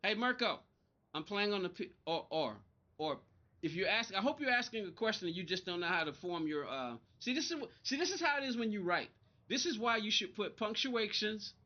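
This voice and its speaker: Man, high voice, live-stream chat, blunt and exasperated, muffled audio, faint hiss. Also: lively intonation, fairly quick. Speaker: racing game streamer.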